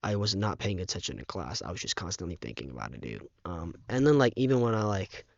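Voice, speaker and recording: A man's voice: low voice, very animated, vocal fry, no room sound. Teenage boy vlogging through tears. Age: teens. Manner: halting, lots of fillers and restarts. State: close to tears. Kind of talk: casual vlog monologue. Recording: dull, muffled microphone.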